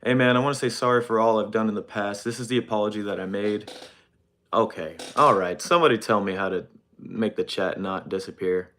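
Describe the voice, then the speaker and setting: Halting, mock-contrite young man. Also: on the low side, fairly bright tone, a little hiss or hum. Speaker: livestreamer. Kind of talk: mock-sincere live apology stream. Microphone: phone.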